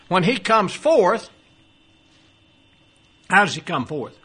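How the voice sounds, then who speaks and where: This older man's sermon comes in a high, bright voice with a forceful tone. He reads passages of scripture aloud and explains them in expository fashion, regularly questioning the audience.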